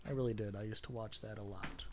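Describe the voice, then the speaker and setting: A man's voice: on the low side, fairly even intonation, fast, darkish tone. Young guy on a podcast, kinda rambly, keeps restarting his sentences, laughs a lot. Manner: chatty, self-correcting, hesitant, laughs easily. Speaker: podcast co-host. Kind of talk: casual chat.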